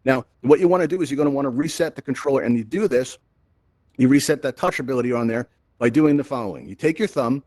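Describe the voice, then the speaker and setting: A man giving a casual, animated tech tutorial and telling stories, often checking in with "right?". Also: mid-range voice, fast talker, dry recording. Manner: animated, storytelling, frequent "right?" tag questions. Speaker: presenter. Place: virtual reality social space.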